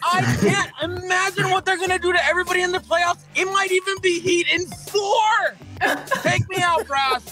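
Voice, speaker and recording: A drunk man on a podcast panel, shouting a profane, boastful fan rant. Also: extremely high pitch, steady tone, normal speed, loud music behind the voice.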